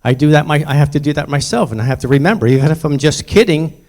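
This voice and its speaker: A man's voice: a little high, quick pace, a little mellow. An older man giving a conversational presentation to parents about bullying prevention, telling stories from his own life. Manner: conversational storytelling, acting out voices in anecdotes.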